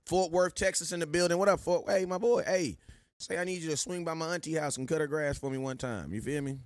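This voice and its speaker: A man hosting a sports live stream, giving loud, slangy shout-outs to viewers in casual chat. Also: on the high side, quick pace, no echo, clean studio sound. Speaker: sports show host.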